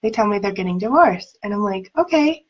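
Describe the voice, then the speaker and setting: Husky-voiced woman coach, chatty. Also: mid-range voice, quick pace, lo-fi sound. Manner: chatty, with frequent "like" and "um", laughs lightly. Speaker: life coach. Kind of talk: casual teaching talk with personal stories.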